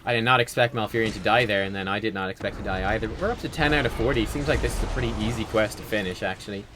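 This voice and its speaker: Low-voiced man streaming gameplay commentary. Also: rapid-fire, background noise. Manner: chatty, rambling, with fillers and sudden excited outbursts. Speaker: game streamer. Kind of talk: casual livestream gameplay commentary.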